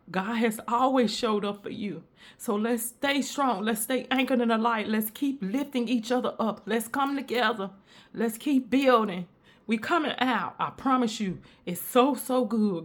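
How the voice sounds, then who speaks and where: A woman giving an emphatic, repetitive inspirational message in a preacher-like cadence. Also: a little high. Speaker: spiritual content creator.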